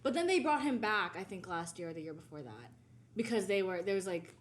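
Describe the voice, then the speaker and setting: A woman's voice: medium pitch, very animated, a little fast, a little hiss or hum. A young woman co-hosting a podcast, chatting casually, gushing and giggling, often trailing off mid-sentence. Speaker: podcast co-host. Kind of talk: casual chat.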